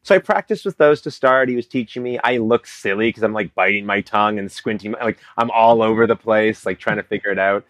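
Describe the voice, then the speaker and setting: A man from Vancouver, Canada, tells a story as an interview guest. His voice sits low, and it is recorded dry and close. He talks in a lively way and acts out the quotes. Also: fairly quick, hardly any pauses, no room sound. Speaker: guest, business coach. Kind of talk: animated storytelling in a casual interview.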